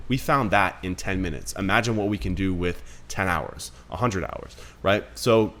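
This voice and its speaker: A man's voice: low voice, moderate pace, few pauses, a bit bright, slight background noise. A man in his thirties giving a casual screen-recorded marketing tutorial, blunt and conversational, calling viewers guys. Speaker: marketing instructor.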